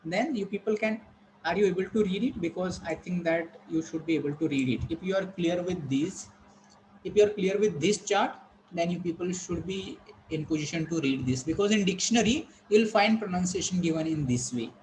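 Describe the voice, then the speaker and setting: Teacher drilling pronunciation. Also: male voice, sits high, fairly quick, darkish tone, a little hiss or hum, poor audio. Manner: repetitive, drilling questions at students. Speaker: English teacher. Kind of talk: online pronunciation lesson.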